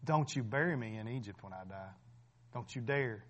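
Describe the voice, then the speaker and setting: A man's voice: mid-range voice, expressive, normal speed, a bit bright, voice pushed down. A man voicing a dying old patriarch who insists on his last wish with stern, commanding words. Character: dying old male patriarch, stubborn and faithful.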